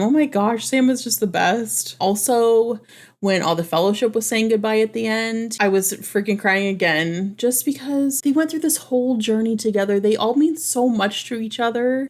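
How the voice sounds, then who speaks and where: Gushing woman chatting to camera. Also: medium pitch. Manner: gushing and enthusiastic, lots of "like" and "oh my gosh". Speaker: book vlogger. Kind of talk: casual chat to camera.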